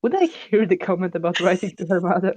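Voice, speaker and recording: A woman's voice: on the low side, sing-song, quick pace, darkish tone, dry recording. A woman player asking the game master questions in a casual, thoughtful way. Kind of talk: casual chat.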